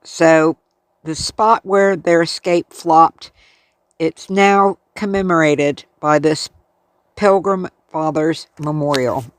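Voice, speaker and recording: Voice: medium pitch, slow, no echo. An American travel vlogger narrating a casual tour in a chatty, friendly storytelling way. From United States.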